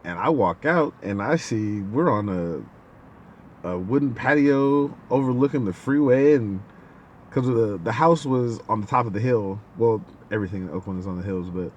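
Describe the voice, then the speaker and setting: A man's voice: lowish voice, dull audio, a little hiss or hum. A man hosting a podcast, telling a casual story and acting out the people in it. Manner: animated, acts out the people in his stories. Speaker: podcast host.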